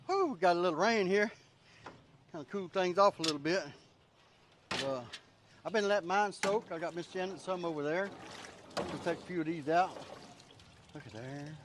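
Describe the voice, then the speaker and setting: A man's voice: high-pitched, normal speed, pauses often, noisy background. A man talking viewers through his cooking outdoors in a casual, folksy way. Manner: folksy, chatty, talks to viewers as "y'all". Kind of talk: casual cooking video narration.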